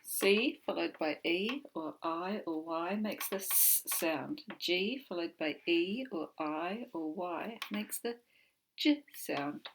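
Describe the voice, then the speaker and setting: A woman with a New Zealand accent teaching an online phonics lesson from home, slowly sounding out letters and words. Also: lowish voice, background noise. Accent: New Zealand English.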